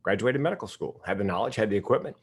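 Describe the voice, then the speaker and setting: A man's voice: lowish voice, expressive, rapid-fire, slightly rough. A man relaying the words of a woman doctor in a slightly raised voice, matter-of-fact. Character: woman doctor recalling her past, candid.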